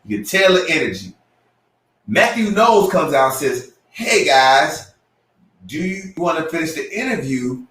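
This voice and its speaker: Far from the microphone, in a roomy space at a live podcast show, a man co-hosting the podcast tells a story at an unhurried pace. Excitable, he acts out the quotes with dramatic swings in pitch.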